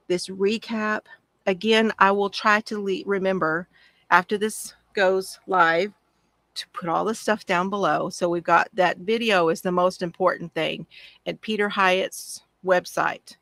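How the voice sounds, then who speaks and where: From home, a woman hosts a casual crafting livestream, chatty and gushing as she responds to viewer comments. Her voice is mid-range with a fairly bright tone, and the recording is dry.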